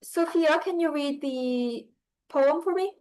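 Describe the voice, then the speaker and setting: High-voiced, slow, hesitant woman teacher. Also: a little mellow, poor audio. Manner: hesitant, many fillers and restarts. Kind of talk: online class lesson.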